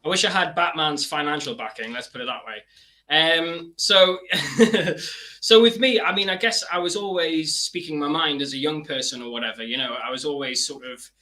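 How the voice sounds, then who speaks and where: Crisp-spoken guest from northeast England. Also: male voice, fairly high pitch, moderate pace, bright, forceful tone. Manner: drama-trained careful diction, hedges with fillers. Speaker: activist guest. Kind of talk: casual interview chat. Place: remote video call.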